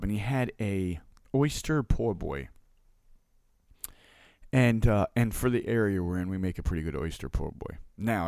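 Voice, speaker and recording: Gravelly, candid food truck owner. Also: male voice, low voice, a little mellow, no room sound, clean studio sound. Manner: candid, profane, acts out both sides of a story. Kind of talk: casual storytelling.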